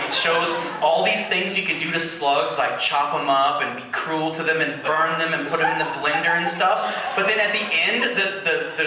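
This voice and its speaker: A spoken-word poet reading to a live audience, slow and deliberate in his poems, rambling and laughing in his banter. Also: on the high side. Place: indoor venue with live audience. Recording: echoey room, mic far off, faint noise.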